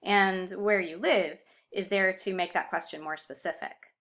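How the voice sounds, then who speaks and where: Woman teaching a language lesson, bright voice, clear and upbeat. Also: on the low side, fairly even intonation, measured pace. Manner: clear, upbeat explaining with Spanish example words. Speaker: Spanish teacher. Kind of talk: explanatory video lesson.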